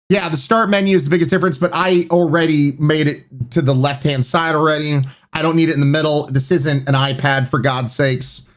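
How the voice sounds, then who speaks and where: A man with a fairly high, slightly bright voice streams live, chatting casually. He rambles, reads the chat aloud, and fills his speech with lots of fillers.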